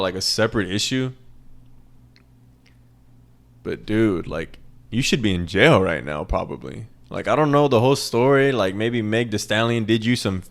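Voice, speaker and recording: A man's voice: fairly low pitch, a bit bright. A man hosting a casual solo podcast, ranting in a profane, rambling way and repeating lines for emphasis. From American South. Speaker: podcast host.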